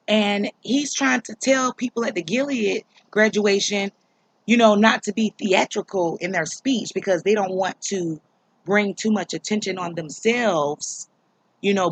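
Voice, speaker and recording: A woman's voice: mid-range voice, a little slow, no room sound, rough recording. A woman hosting her own commentary vlog, talking straight to the viewer in a sassy, mocking way. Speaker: vlog host.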